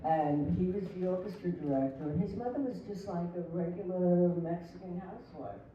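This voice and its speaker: An older woman, a flamenco artist, telling lively anecdotes on stage and acting out the people in them. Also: on the low side, normal speed, highs cut off. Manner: animated anecdotes with laughter and acted quotes. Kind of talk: storytelling on stage. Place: hall with audience. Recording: echoey hall, distant mic, faint noise.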